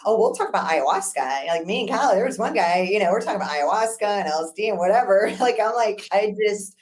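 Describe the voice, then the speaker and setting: A woman's voice: mid-range voice, fast, darkish tone. Give me a chatty woman guest who laughs often while telling stories in a casual interview. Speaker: business broker guest.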